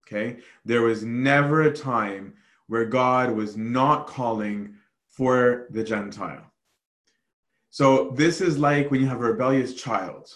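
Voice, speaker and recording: A male priest leads a scripture study, talking casually and animatedly with frequent restarts. His voice sits at an ordinary middle pitch. The room around him is noticeably echoey. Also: slow. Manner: animated, conversational, with many fillers and restarts.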